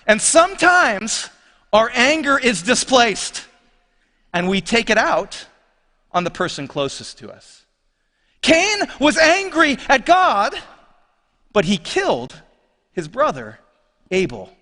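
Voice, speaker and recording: A man's voice: very high-pitched, bright, forceful tone, big-room sound. A man preaching a sermon as pastor, talking conversationally and questioning his congregation. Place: church sanctuary.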